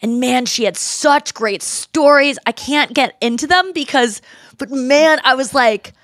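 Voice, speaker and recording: A woman's voice: high-pitched, unhurried, no echo. Woman, podcast host, casual storytelling, mimics voices, dry close sound. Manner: animated storyteller who mimics voices in quotes. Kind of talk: casual chat.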